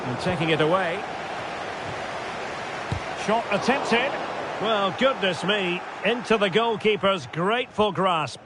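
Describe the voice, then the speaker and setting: A man giving scripted football commentary in a video game, brisk short calls that rise at big chances. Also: high-pitched, expressive. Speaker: play-by-play commentator. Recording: loud game crowd noise behind.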